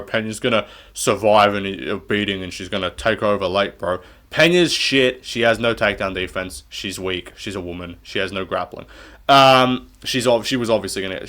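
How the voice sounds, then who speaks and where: A young man talking through a fight card recap in a casual, offhand way. He is blunt and sarcastic and swears constantly, with a voice of ordinary middle pitch. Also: a bit bright. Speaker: MMA recap host.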